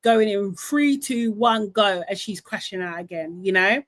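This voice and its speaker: A woman hosting a casual live recap, retelling the drama in a chatty, animated way with some swearing. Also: medium pitch, a little slow, no room sound. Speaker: reality show recap host.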